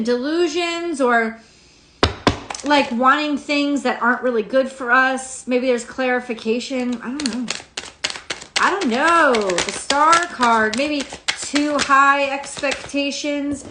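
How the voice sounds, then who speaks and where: A woman with a high voice gives a casual daily tarot reading. She rambles, swears freely and laughs as she goes. The sound is roomy, with a clear echo around her. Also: measured pace, background noise. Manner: rambling, profane, laughs often. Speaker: tarot reader.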